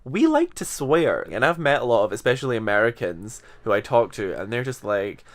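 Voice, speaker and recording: A man's voice: medium pitch, very animated, brisk. A man in his twenties with a mild Scottish accent, chatting unscripted to camera about his teaching, rambling and self-deprecating. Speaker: English teacher. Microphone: camera in front of him.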